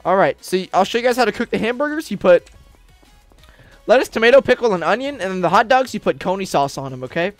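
A host narrating and bossing around a character during a game roleplay, excitable and bossy, with sudden bursts of yelling. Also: mid-range voice, fast, no echo, soft background music. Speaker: roleplaying gamer and channel host.

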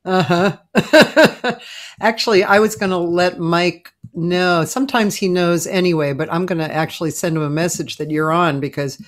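A woman hosts a relaxed interview over a video call. She chats freely and asks curious questions. She laughs often along the way. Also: lowish voice, moderate pace. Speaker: host. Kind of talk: casual chat.

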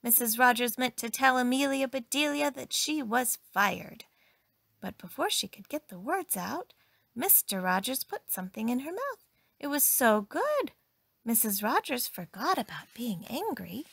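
A woman narrating a bedtime storybook reading with gentle, expressive delivery. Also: on the high side, moderate pace, gravelly, dry recording.

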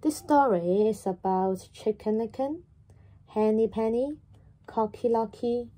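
A woman reading a children's story aloud in a slow, animated, sing-song way. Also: on the high side.

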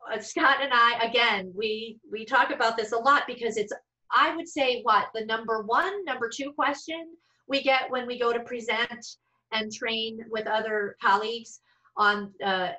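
A woman's voice: medium pitch, bright, forceful tone, rough recording. A middle-aged woman, a speech-language pathologist, talking casually to fellow clinicians with frequent restarts and self-deprecating asides over a video call.

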